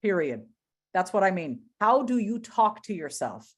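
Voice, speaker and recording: A woman's voice: medium pitch, very animated, unhurried. A woman giving a motivational webinar talk, speaking directly to her audience with many rhetorical questions and repeated phrases for emphasis. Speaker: webinar presenter.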